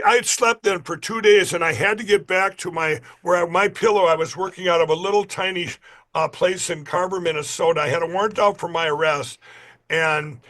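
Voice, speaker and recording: Guest, male: high, bright, emphatic storyteller who repeats himself. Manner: emphatic, repeats himself, acts out other people's lines. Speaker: interview guest. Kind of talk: animated storytelling.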